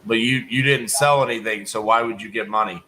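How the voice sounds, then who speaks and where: A man from Texas on a sales call, calmly pressing the caller with logical questions. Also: fairly low pitch, fairly quick, slight background noise, poor audio. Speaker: real estate wholesaler, host.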